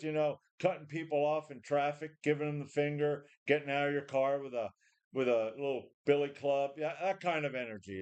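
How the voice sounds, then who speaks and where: This man's voice is fairly high and clean in tone. Worn out, he rants casually to the camera as a home gym vlogger, cursing as he rambles and frequently restarting or repeating lines.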